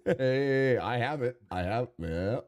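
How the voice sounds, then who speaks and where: A man's voice: mid-range voice, animated, takes it slowly, a little mellow. A man co-hosting a livestream, tossing in dry wisecracks during casual chat. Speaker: livestream co-host.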